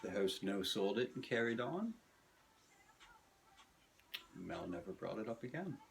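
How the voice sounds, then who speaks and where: A man delivering a scripted comedic video essay in a dry, sardonic voice. His pitch swoops all over as he plays with theatrical pauses and self-mocking asides. A faint hum sits under the recording. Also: very animated, gravelly.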